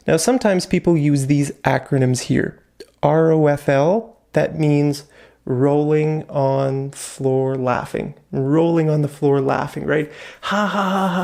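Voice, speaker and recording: A man's voice: fairly high pitch, gravelly, a little mellow. A man teaching English vocabulary in a casual online lesson, explaining words patiently with examples and checking in with "okay?". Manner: fillers like "like" and "okay?" between points.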